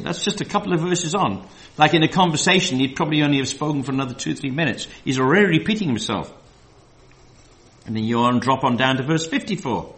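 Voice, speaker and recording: A man preaching a Bible study sermon. He reads verses slowly and with emphasis, then drifts into loose, filler-heavy asides. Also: fairly high pitch, expressive, fairly bright tone.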